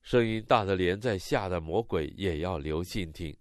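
A man interpreting a sermon line by line, expressive and rising on the quoted cries. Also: deep voice, moderate pace, smooth, dry recording, studio quality.

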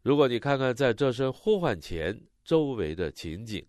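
A man interpreting a sermon line by line, expressive and rising on the quoted cries. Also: mid-range voice, normal speed, no echo, studio quality.

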